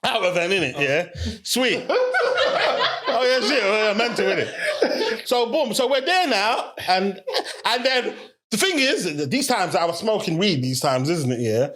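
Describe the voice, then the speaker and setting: A man's voice: high voice, sing-song, unhurried, fairly bright tone, a little hiss or hum. A young man, a podcast co-host telling a story in casual chat, full of slang fillers and bursts of laughter. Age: young adult.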